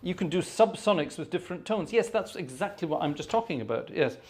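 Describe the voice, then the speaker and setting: A man's voice: on the high side, animated, brisk, a little mellow. Rambling middle-aged male organist. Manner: rambling, explanatory, self-mocking. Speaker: organist and live-stream host. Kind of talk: casual live-stream chat.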